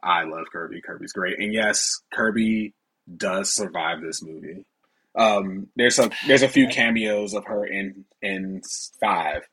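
A man's voice: low voice, measured pace, a bit bright, breathy edge. A man co-hosting a casual movie review podcast, recapping scenes in an easygoing, rambling way. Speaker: podcast co-host.

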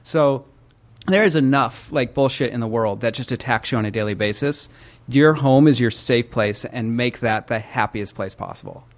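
A cheerful man in his late thirties, from the Midwest, talks in a relaxed, chatty way. His voice sits at an ordinary middle pitch, and he laughs easily as he talks. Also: moderate pace. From American Midwest. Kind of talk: casual chat.

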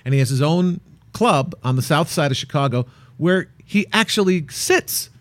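A man co-hosting a travel show, chatting casually and telling an animated, playful anecdote. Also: a little high, normal speed, dry recording. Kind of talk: casual chat.

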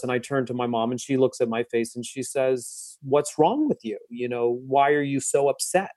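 Male therapist guest, mid-pitched, thoughtful, restarts often, dry close sound. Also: a little mellow, dry recording. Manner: reflective, with frequent restarts and fillers. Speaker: guest psychotherapist. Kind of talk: conversational storytelling.

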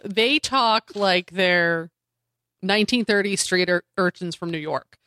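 A woman co-hosting a casual comic-book chat, sarcastic and profane, acting out characters in quick asides. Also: fairly low pitch, sharp tone, clean tone, dry recording, clean studio sound. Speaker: podcast co-host.

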